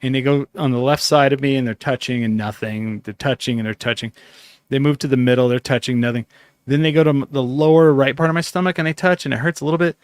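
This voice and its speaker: In a clean, echo-free recording, a man with a steady mid-range voice talks fast while hosting a podcast. His long story is loose and rambling, laced with swearing, and he acts out dialogue as he goes in this casual storytelling chat.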